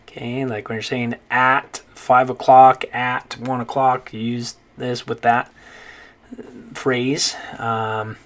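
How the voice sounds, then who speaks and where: A man talks through a lesson in an easygoing, unscripted way. His pitch sits in an ordinary middle register. He fills pauses with "um" and checks in with "okay?" and "right?". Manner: relaxed, many fillers and check-ins like "okay?" and "right?". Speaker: Spanish teacher. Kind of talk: casual spoken lesson.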